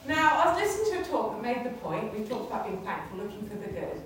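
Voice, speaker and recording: A woman's voice: on the high side, very animated, fast. A woman giving a chatty church talk to a congregation, often laughing. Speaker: preacher. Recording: echoey hall, distant mic, faint noise.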